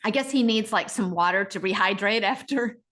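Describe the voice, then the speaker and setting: A middle-aged woman co-hosting a casual podcast, retelling stories in an animated way and acting out the people in them. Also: medium pitch, a little fast. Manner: animated retelling with acted-out voices. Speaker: podcast co-host.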